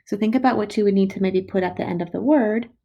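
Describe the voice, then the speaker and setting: A woman teaching first graders to write a sentence, slowly sounding out each word and syllable with patient, clear steps. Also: medium pitch, mellow, dull audio. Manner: slow, patient, sounding out words. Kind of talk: recorded writing lesson for children. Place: home. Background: dog barking.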